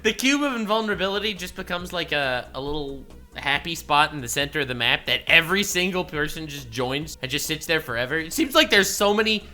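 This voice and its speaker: A man reacting to a video as a streamer, excitable, laughing often and swearing. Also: on the high side, a little fast, few pauses, faint music behind.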